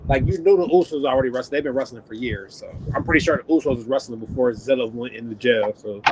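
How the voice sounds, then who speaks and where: Man, podcast co-host, slangy relaxed chat, lots of fillers, noisy background. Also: mid-range voice, fast. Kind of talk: casual chat.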